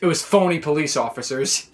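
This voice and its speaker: A man recapping a wrestling show in a casual, excitable, rambling way, full of "like" and restarts. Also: fairly high pitch, brisk. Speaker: wrestling reaction vlogger.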